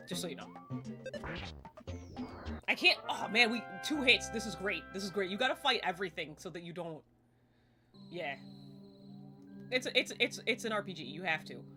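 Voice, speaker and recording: A young woman streaming a game live, chatting excitably, laughing and swearing casually as she plays. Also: medium pitch. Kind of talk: live gameplay commentary. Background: faint game music.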